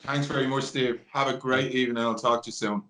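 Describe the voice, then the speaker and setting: A man's voice: mid-range voice, steady tone, fast. A man hosting a podcast, chatting casually and full of enthusiastic praise. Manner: warm praise, enthusiastic exclamations. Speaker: podcast host. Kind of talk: casual interview chat.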